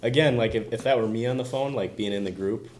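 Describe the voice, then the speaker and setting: A man's voice: medium pitch, quick pace, a little mellow. A man, a real estate agent, chatting loosely on a podcast and filling his talk with "like". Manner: loose, chatty, says "like" a lot. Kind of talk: casual podcast chat.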